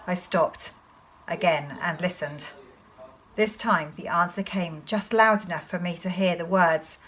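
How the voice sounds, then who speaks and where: A woman teacher reading a children's novel aloud to her class in an expressive storytelling manner. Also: on the low side, a little slow, low-quality recording.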